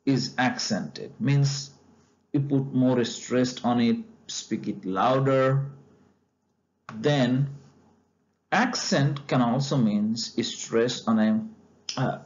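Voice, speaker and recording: A man walks through a textbook chapter at an unhurried, careful pace, stopping often for fillers and restarts. His voice sits in a middle register. The recording is somewhat dull and lo-fi. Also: mid-range voice, a little mellow. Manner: slow and deliberate, frequent fillers and restarts. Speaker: lecturer.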